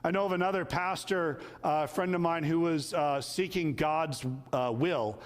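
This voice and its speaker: Guy preaching, chatty storytelling style, voice a bit on the high side, echoey church hall. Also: a little slow. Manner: conversational storytelling with acted quotes. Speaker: pastor. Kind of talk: sermon.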